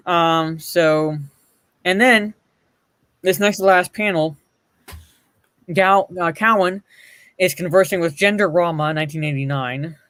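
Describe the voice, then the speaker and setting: A man's voice: fairly high pitch, a bit bright, dry recording. Sarcastic man in casual commentary. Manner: sarcastic, reads comic panels aloud, swears. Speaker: podcast co-host.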